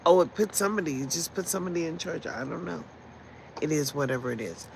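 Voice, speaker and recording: A woman's voice: low-pitched, expressive, fast, vocal fry, a little hiss or hum, poor audio. A woman in her sixties ranting bluntly and profanely on a casual livestream, rambling from point to point. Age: 60s. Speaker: livestream host. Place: in Las Vegas.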